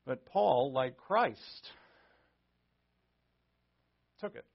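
A man's voice: medium pitch, lively intonation, drawn-out words, creaky, husky. Man preaching through a dull lo-fi recording. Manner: reads scripture aloud, then explains it conversationally with asides. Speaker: pastor. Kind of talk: verse-by-verse sermon.

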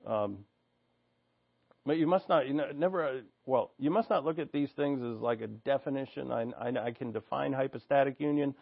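A man's voice: medium pitch, moderate pace, creaky, no echo, lo-fi sound. A man preaching an expository sermon, reading scripture aloud and explaining it in an earnest, teaching way, thinking aloud with restarts.

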